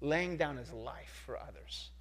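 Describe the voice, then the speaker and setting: A man preaching a sermon as pastor, emphatic and repetitive, asking rhetorical questions and swinging from soft to loud. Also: mid-range voice, animated, a little slow.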